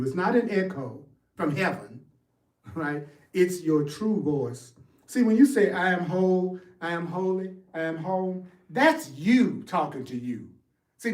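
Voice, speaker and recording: A man's voice: high voice, far from the mic. A man giving a spiritual teaching talk, emphatic and repetitive, calling out to his audience to answer back. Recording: echoey room, voice from off-mic.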